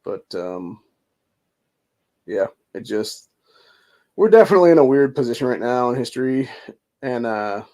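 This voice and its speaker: A man's voice: medium pitch, expressive, moderate pace, pauses often, warm tone. A man hosting a political podcast, talking in a rambling, profane way, full of fillers like "dude" and "bro". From Ohio. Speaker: podcast host. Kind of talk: casual political commentary.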